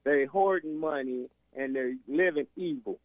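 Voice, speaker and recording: A man's voice: a little high, unhurried, no echo. Argumentative male caller on a tinny phone line. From United States. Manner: argumentative, jokey, lectures the host. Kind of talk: phone-in chat.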